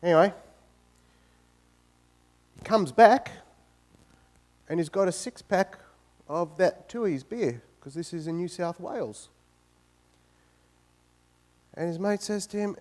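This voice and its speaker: A man with an Australian accent giving a guest talk in a university auditorium and telling jokes in a lively, storytelling way. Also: sits high, slow, long pauses. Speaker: guest speaker. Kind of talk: informal talk with joke-telling.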